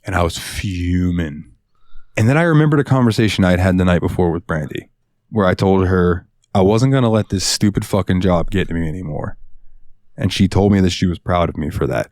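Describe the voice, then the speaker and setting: A man co-hosting a podcast, telling a work story in an animated, profane, casual way. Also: deep voice, fairly quick, no echo, studio quality. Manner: animated, profane, swings into voices. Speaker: podcast co-host.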